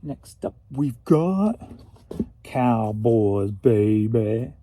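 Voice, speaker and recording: A man's voice: mid-range voice, lively intonation, extremely slow, noisy background. A man from St. Louis, Missouri, rambling through a casual solo reseller vlog, chatty and at times emotional. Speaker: reseller vlogger.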